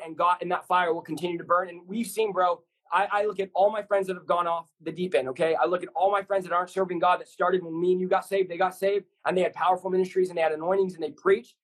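A man preaching fervently as a podcast guest, his voice pitched high for a man and a little husky. He drives his point home in stacked, repeated short lines, with the insistent push of a sermon. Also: poor audio. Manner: intense, repetitive, builds lists of short punchy lines.

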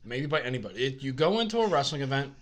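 A man's voice: mid-range voice, very animated, rapid-fire. A man co-hosting a podcast in casual chat, joking crudely and swearing often. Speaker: podcast co-host.

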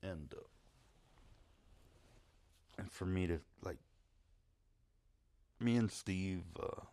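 A man's voice: deep voice, extremely slow, warm tone. A man telling a rambling, profane story about a friend, swearing freely and chuckling at himself. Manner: rambling, swearing, laughing at his own story.

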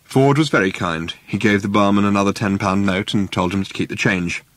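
A man's voice: on the low side, brisk, dry recording. A man reading a comic story aloud with a dry, wry delivery. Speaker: audiobook narrator. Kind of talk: scripted narration.

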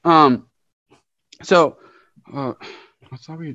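A man's voice: on the high side, fairly even intonation, sharp tone, dry recording. Hesitant man with dull muffled sound. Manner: halting, hesitant, many fillers. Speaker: co-host asking questions.

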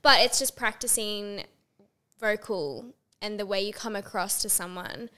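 A woman's voice: medium pitch, unhurried, pushed and bright. A young woman co-hosting a casual chat podcast, upbeat and agreeable as she gives advice. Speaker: podcast co-host.

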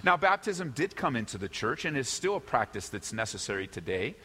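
A middle-aged man preaching a sermon as pastor, emphatic and lively, acting out quoted apologies. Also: medium pitch, fairly quick, slightly rough, long reverb tail.

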